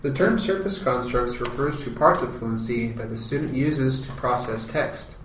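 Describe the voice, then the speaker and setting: A man's voice: medium pitch, lively intonation, moderate pace, echoey room, far from the mic, a little hiss or hum, rough recording. A man student reading a prepared class presentation in an explanatory way. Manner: explanatory, reads prepared text.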